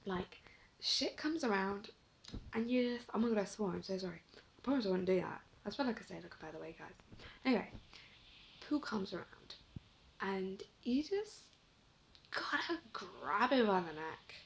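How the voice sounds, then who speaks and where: A woman's voice: medium pitch, lively intonation, moderate pace, creaky, slight background noise, rough recording. A young woman vlogging to camera, chatty and giggly, telling a story with lots of "like".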